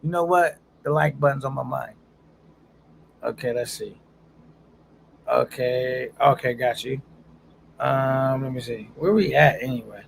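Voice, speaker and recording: A man's voice: medium pitch, a little slow, vocal fry, long pauses, slight background noise. A man casually chatting on a live stream, reading viewer comments aloud in a laid-back, slangy way and laughing often.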